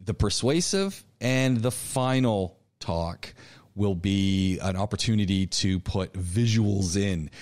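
A man teaching an online public speaking class, lecturing in an animated, coaching way with frequent restarts. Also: lowish voice, slow. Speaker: college public speaking instructor.

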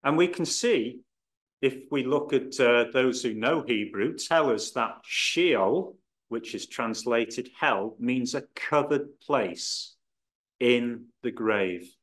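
Man, Bible teacher, unhurried delivery, explanatory, leans on key words. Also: medium pitch, fairly bright tone. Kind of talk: scripture teaching talk.

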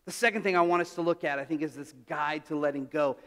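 A high-voiced male pastor preaches a sermon in a loose, conversational storytelling manner. He often restarts and drifts into asides. His voice carries with a long reverb through a church sanctuary. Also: quick pace, a bit bright.

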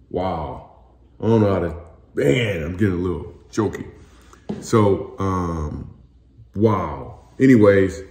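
A man hosting a podcast, chatting casually with listeners and joking with playful dramatic pauses. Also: low voice, mellow. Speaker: podcast host. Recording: roomy echo.

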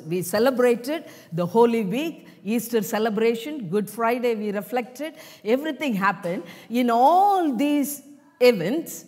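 A woman preaching a sermon in short, deliberate phrases full of rhetorical questions. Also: on the high side, a little mellow. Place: church. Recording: long reverb of a church hall.

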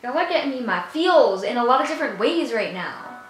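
Gushy giggly woman reacting to a vid, voice jumps all over, kinda high, echoey room w music going. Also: sing-song, brisk. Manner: gushing, giggly, talks to herself. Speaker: reaction video host. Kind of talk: excitable reaction commentary. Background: music video playing.

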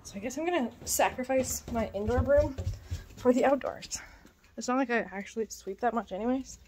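A woman's voice: on the high side, brisk. A young woman vlogging in a casual, rambling way, swearing now and then, talking to a phone camera while driving and then outside her home. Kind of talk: casual vlog chat. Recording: loud background noise.

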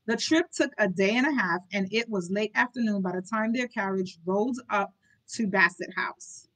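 A woman's voice: medium pitch, moderate pace, a bit bright, rough recording. A young woman hosting a book club, reading a novel aloud and breaking off for chatty, candid asides, often stumbling and restarting.

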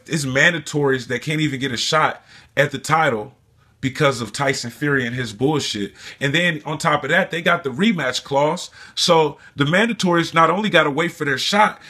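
Bright-voiced man ranting casually. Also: a little high, slightly rough. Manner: rambling, profane, frequent fillers. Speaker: boxing commentator vlogger. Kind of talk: casual opinion rant.

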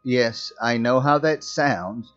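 A man's voice: mid-range voice, slow, a bit bright. A man voicing a smug, mocking old mad-scientist doctor in a horror story reading, over a slightly dull recording with faint music. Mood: gleeful. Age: older.

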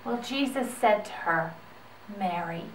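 A woman's voice: on the high side, unhurried, slight background noise. Woman telling a children's Bible story. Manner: gentle, expressive storytelling. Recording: echoey room, far from the mic.

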